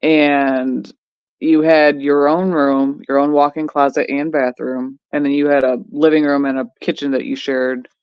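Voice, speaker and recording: A fairly high voice speaking bluntly and profanely, laughing often through casual chat. The sound is dull and lo-fi, dry with no room around it. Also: male voice, level tone, unhurried, clean tone, no room sound. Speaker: veteran podcast co-host.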